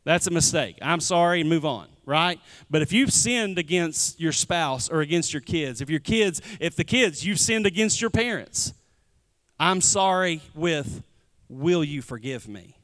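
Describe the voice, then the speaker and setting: A man's voice: a little high, expressive, normal speed, hardly any pauses, a bit bright. A man, a pastor preaching a conversational sermon and calling out to the congregation. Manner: conversational preaching with audience call-outs. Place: church sanctuary. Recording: long hall reverb.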